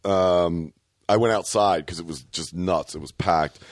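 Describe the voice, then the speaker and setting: A man's voice: low voice, a little slow, no room sound, studio quality. A man telling a crude story in casual chat, swearing a lot and acting out what people said. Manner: profane, rambling storyteller, acts out quotes.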